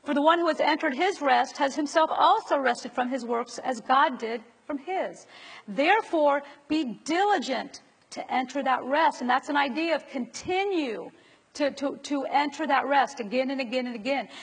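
In a large hall with long reverb, a woman preacher delivers a conversational sermon, putting rhetorical questions to her listeners. Her voice sits high and creaky, at a normal speed.

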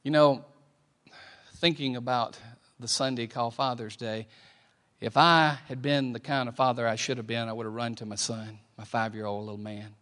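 A middle-aged man preaching a sermon, telling a personal story and swinging from quiet, slow lines to loud ones. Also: medium pitch, steady tone. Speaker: pastor.

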